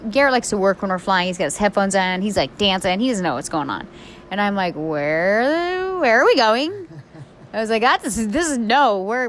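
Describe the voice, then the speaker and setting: A woman's voice: mid-range voice, a little hiss or hum. Woman in her thirties, podcast co-host, chatty storyteller, filler-heavy, mid-range voice. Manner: chatty and animated, peppered with "like". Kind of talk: casual storytelling chat.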